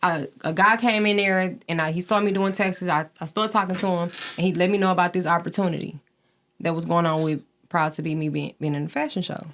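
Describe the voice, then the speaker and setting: Woman co-host, fast, chatty, explains with lots of "like". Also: fairly low pitch, fairly even intonation, fairly bright tone. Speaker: podcast co-host. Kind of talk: casual debate.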